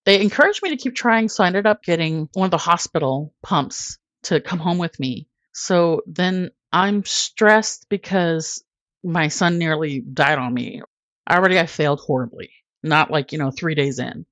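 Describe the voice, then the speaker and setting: A woman's voice: low voice, normal speed, a bit bright, no echo. A woman guest on a podcast, telling her personal story candidly and with emotion, often laughing at herself.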